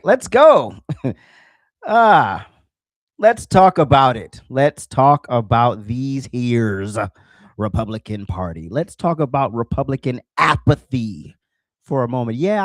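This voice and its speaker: Fired-up man ranting solo, lively pitch. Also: no echo, clean studio sound. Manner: fired-up, emphatic, repeats phrases for punch. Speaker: podcast host. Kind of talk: solo political rant.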